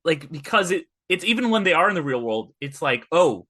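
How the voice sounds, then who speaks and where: A man's voice: a little high, big pitch swings, fairly quick, sharp tone, breathy edge. A man guesting on a movie podcast, chatting casually and eagerly chiming in to agree. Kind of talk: casual movie review chat.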